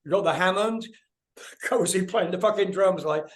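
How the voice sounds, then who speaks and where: Older male guest, high-ish voice, lively storyteller, swears a lot. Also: normal speed. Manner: animated, swears freely, acts out voices in anecdotes. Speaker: guest musician. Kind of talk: casual storytelling interview.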